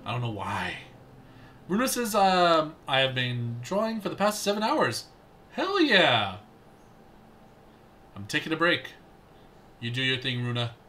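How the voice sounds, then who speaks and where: Excitable, bright-voiced male streamer. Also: a little high, measured pace, pauses often, slight background noise. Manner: excitable, laughs often, greets chat. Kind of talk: casual gameplay commentary.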